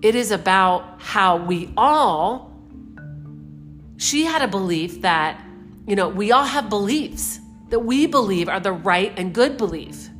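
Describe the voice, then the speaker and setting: A middle-aged woman giving a reflective spiritual talk, meandering and unhurried, gently putting questions to the listener. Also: mid-range voice. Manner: meandering, unhurried, searching for words. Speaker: spiritual speaker.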